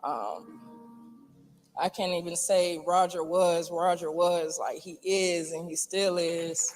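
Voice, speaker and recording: A man giving a heartfelt eulogy at a memorial, reminiscing in halting phrases with sighs and soft laughs. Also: fairly high pitch, soft background music. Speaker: family friend giving a eulogy.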